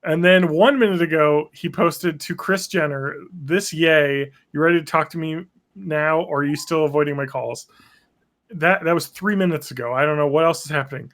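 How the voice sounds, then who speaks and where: Excitable man reading posts aloud. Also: fairly high pitch, normal speed. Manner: excitable, reads posts aloud with running commentary. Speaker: podcast co-host. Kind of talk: casual chat.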